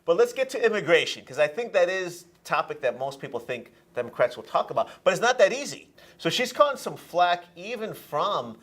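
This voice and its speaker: Lively, argumentative talk show host man. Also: sits high, fairly quick, few pauses. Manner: animated, argumentative, laughs between points. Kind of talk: political debate talk.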